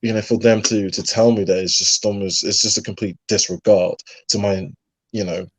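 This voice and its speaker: A man's voice: lowish voice, steady tone, moderate pace, no room sound. A young man from England with a London accent, chatting earnestly as a guest with frequent fillers. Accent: London English. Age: young adult. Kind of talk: casual chat.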